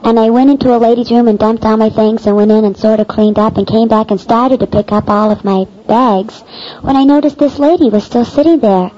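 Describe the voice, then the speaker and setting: A woman telling a personal faith story aloud in an animated way, acting out the dialogue. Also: a little high, fairly quick. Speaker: storyteller giving a Christian testimony. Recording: dull lo-fi recording.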